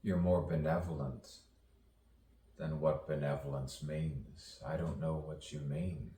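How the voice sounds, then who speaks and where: Very deep-voiced man reciting slow poetry. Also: steady tone, dark tone. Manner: rambling, rhythmic, repeats phrases, muses to himself. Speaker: poet. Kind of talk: spoken-word poetry soliloquy. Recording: roomy echo, distant mic, faint background noise.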